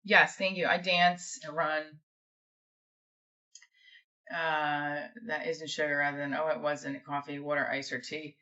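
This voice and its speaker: A woman's voice: low voice, level tone, moderate pace, sharp tone, highs cut off. A woman from New Jersey with a New Jersey accent, chatting casually and rambling with lots of fillers as she hosts a livestream from home on her phone. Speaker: livestream host. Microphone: phone camera.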